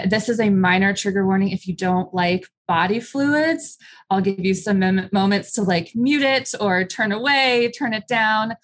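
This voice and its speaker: A woman guest in an interview, recounting her own experience candidly and conversationally, with frequent ums and likes. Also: mid-range voice. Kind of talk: candid personal storytelling in an interview.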